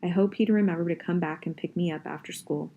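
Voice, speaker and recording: A woman reading a novel aloud in a steady, first-person audiobook style. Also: lowish voice, fast talker, highs cut off, slight background noise. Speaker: reader.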